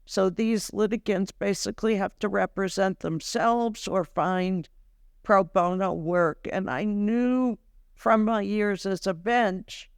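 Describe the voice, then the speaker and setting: An older woman, a former judge, explaining court practice in a measured, deliberate way as a podcast guest. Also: medium pitch, clear, resonant tone, no echo, clean studio sound. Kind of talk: podcast interview.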